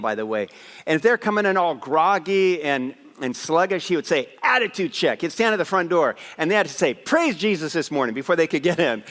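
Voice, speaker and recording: A man preaching in a church, his fairly high voice ringing with long reverb through the sanctuary. He tells stories with lively energy and often repeats a word as he finds the next thought. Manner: energetic storytelling, repeats words as he goes, acts out quotes. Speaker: pastor. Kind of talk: Christmas Eve sermon with stories. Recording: long hall reverb in a worship house.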